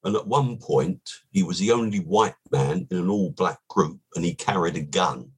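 An older man, a podcast guest, telling long anecdotes in an unhurried, relaxed way with a slightly husky voice. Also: deep voice, rough recording. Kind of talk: relaxed storytelling.

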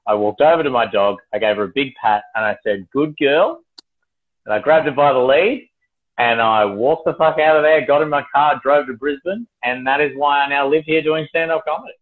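A man's voice: medium pitch, brisk. A young man telling a story casually, rambling, swearing and laughing as he goes. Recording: tinny phone-like livestream audio.

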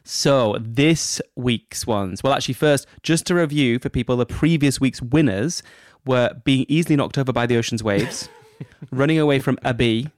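A man's voice: medium pitch, no echo, clean studio sound. Man co-hosting a chatty podcast. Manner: teasing, quick asides. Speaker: podcast co-host. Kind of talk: casual chat, reading listener letters.

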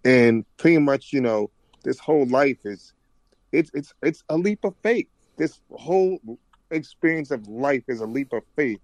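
A man's voice: mid-range voice, lively intonation, moderate pace, dry recording. Man, podcast guest, reflective, rambling, dry close sound. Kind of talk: casual conversation.

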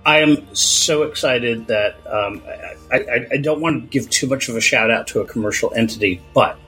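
A man on a podcast panel who talks excitedly and stammers now and then. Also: mid-range voice, moderate pace, faint music behind, low-quality recording. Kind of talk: casual panel chat.

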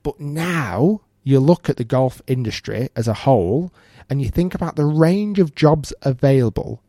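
A man chats on a podcast in a mellow, warm voice. He explains things at an easy, relaxed pace and often restarts mid-sentence. The sound is dry and close, with no room echo. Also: medium pitch, moderate pace. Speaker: podcast host. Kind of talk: casual podcast chat.

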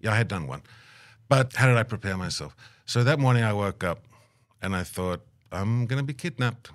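A middle-aged aid worker with a lowish voice and a brisk delivery tells a travel story as an interview guest. He's an animated anecdote-teller who acts out quotes and laughs often.

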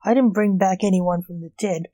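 A woman's voice: mid-range voice, normal speed, mellow, dry recording, studio quality, natural voice. A woman reading a curt, irritable coroner. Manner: curt and snappish. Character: gruff no-nonsense male coroner, irritable.

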